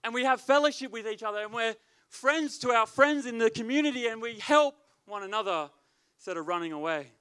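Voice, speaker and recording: A man's voice: extremely high pitch, expressive, fairly quick, hardly any pauses, fairly bright tone, clean tone. A man preaching as youth leader, with emphatic, repetitive delivery. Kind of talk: sermon.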